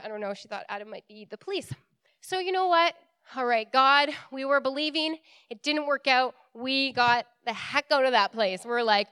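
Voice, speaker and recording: A young woman telling a story in a casual, animated way, laughing often and full of likes and ums. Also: fairly high pitch, dry recording.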